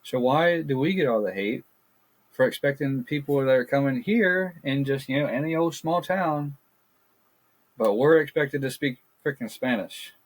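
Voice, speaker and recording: A man's voice: medium pitch, lively intonation, moderate pace. A man co-hosting a casual podcast, talking bluntly and ranting, swearing freely. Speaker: podcast co-host. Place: backyard. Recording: poor audio.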